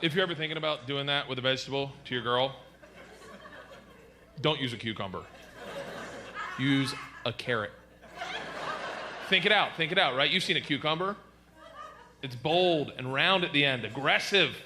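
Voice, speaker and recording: A middle-aged man doing a stand-up comedy set, telling stories loudly and acting out characters with sudden shouts. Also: mid-range voice, animated, moderate pace, pauses often. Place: comedy club stage with a live audience. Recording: live stage recording with audience noise.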